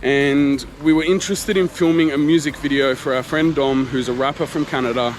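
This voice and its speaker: Talking to camera, a man in his 30s who makes travel vlogs recounts an annoying run-in with animated exasperation, reenacting the dialogue. He speaks briskly at medium pitch, over soft background music and faint street noise.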